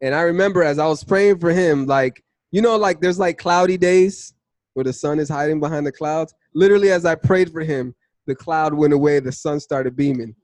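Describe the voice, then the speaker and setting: Animated man telling a faith story. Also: fairly high pitch, moderate pace, no echo. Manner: animated storytelling, acts out dialogue with "I was like". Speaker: Bible study teacher. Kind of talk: casual testimony and teaching.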